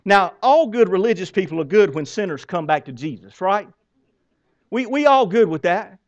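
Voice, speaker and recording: A high-voiced man preaching a sermon, lively and questioning, often repeating words as he builds a point. He reads scripture aloud with dramatic pauses. The recording sounds dull and lo-fi. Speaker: pastor.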